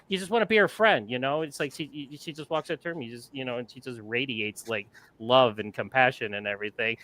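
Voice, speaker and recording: A man's voice: fairly high pitch, pushed and bright, no room sound. A man co-hosting a casual movie chat, enthusiastic and rambling, with many restarts. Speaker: podcast co-host.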